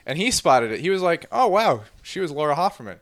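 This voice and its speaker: Animated, excitable young man chatting. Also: a little high. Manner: excitable, geeky, quick to laugh. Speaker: podcast co-host. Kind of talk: casual chat.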